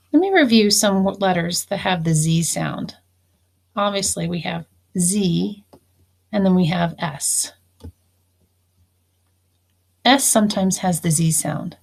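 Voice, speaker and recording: A woman teacher giving a recorded phonics lesson, slowly and deliberately dictating phrases and explaining how to mark syllables. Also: fairly low pitch, gravelly.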